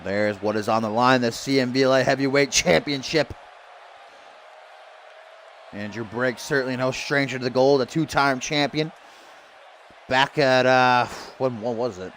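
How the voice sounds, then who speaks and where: A man doing excitable play-by-play for a wrestling video game stream, laughing at the action and reading viewer tweets. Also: medium pitch, normal speed, long pauses, slight background noise.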